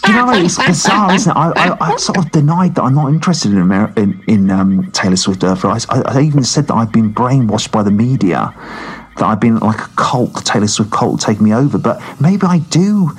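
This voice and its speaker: A man's voice: medium pitch, sing-song, fairly quick, husky, faint music behind. A man reviewing films in casual podcast chat, talking in a rambling, self-mocking way. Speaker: film reviewer.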